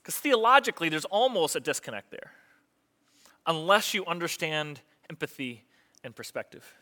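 A man preaching a sermon in a conversational way, asking his listeners questions and making quick asides. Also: on the high side, very animated, sharp tone. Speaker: pastor.

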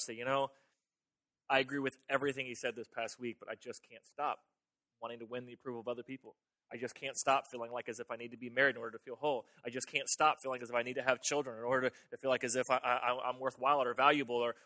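A man's voice: fairly high pitch, pushed and bright, dry recording. A man preaching a sermon in a conversational way, often restarting words and acting out the lines of God and of his listeners. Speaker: pastor.

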